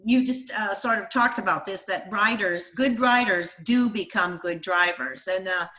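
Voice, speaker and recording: A woman moderates a presentation in a bright, tense voice. She speaks hesitantly and uses many fillers. The room around her echoes. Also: mid-range voice, moderate pace. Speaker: program moderator.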